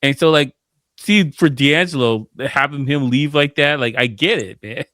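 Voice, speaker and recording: A man talking easily in a casual podcast conversation, at a middle pitch. He laughs often and slips into little quoted bits of what he used to think. The sound is close and dry. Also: normal speed, bright, forceful tone, dry recording. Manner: laughs often, acts out his own past thoughts in quotes. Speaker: DJ and producer.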